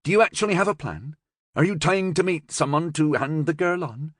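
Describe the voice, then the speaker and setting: A man's voice: a little high, expressive, brisk, a bit bright, no echo, clean studio sound, pitched above the performer's own voice. A man voicing a firm, prying middle-aged aunt who asks insistent, scolding questions in a raised voice. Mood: worried.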